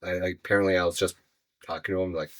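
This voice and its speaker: Low-voiced man telling his story. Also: level tone. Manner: earnest, halting, heavy use of "you know". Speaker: podcast guest. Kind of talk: personal storytelling in an interview.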